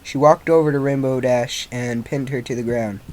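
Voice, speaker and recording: A man reading a fan fiction story aloud in an amateur way, halting with slips and restarts. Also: medium pitch, steady tone, a little mellow.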